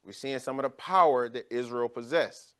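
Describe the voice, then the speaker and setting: A man teaching an informal Bible study, explaining scripture with lively storytelling and acted-out scenes. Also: mid-range voice, normal speed. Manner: animated storytelling, acts out scenes.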